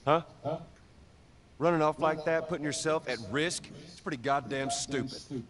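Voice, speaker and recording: An actor voicing a gruff middle-aged male survivor in a video game, stern and scolding. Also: a little high, fairly even intonation, moderate pace, crowd noise, natural voice.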